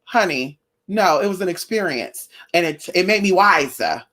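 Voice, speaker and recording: A woman vlogger talking straight to her viewers about her own life, blunt and animated. She swears freely and keeps calling her listeners y'all, girl and honey. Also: fairly low pitch, measured pace. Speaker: spiritual vlogger. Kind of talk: casual personal storytelling to viewers.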